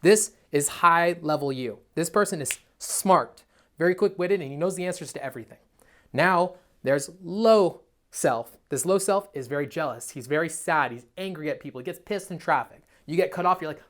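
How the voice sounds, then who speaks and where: A man's voice: a little high, normal speed, fairly bright tone. A young man, a dating coach, giving a blunt, profane, emphatic motivational monologue. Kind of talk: motivational self-help monologue.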